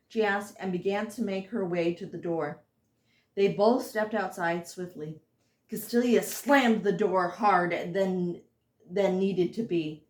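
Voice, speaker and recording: A woman reading aloud from her own fantasy novel, informally and haltingly, stumbling over words and restarting sentences. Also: on the low side, reverberant. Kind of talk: unpolished audiobook reading.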